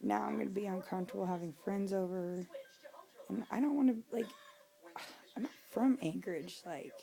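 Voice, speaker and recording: A woman's voice: medium pitch, normal speed, creaky, warm tone, poor audio. A young woman venting in a casual vlog, drunk, swearing a lot and dropping to a whisper now and then, recorded indoors at home. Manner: venting, profane, drops to a whisper. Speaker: vlogger.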